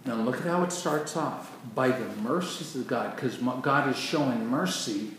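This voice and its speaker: A man preaching a sermon with emphatic delivery, swinging from quiet passages to loud bursts. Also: medium pitch, normal speed. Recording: echoey hall from far off with noise.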